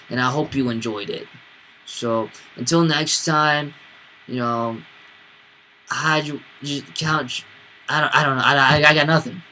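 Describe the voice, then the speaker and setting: Young man, twenties, vlog rant, rambling, fillers and restarts, bright voice, faint background hum. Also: medium pitch. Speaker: vlogger. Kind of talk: casual storytelling rant.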